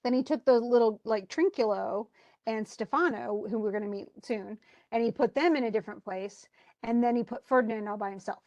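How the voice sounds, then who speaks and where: A woman's voice: fairly high pitch, brisk, darkish tone, dry recording, highs cut off. A woman teacher talking a class through a play in casual, chatty explanations.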